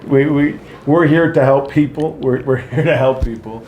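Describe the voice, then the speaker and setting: A man hosting an interview as an implant surgeon, at a middling pitch for his sex. He stammers and restarts his sentences often while reassuring his guest, with a faint hiss of noise behind him. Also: normal speed, muffled recording. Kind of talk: interview conversation.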